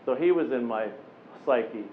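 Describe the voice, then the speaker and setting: A man in his forties giving a keynote address to a room, telling animated personal stories and briefly voicing the people he quotes. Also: mid-range voice, measured pace. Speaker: keynote speaker. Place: conference room with a live audience. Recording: tinny phone-like recording with faint noise.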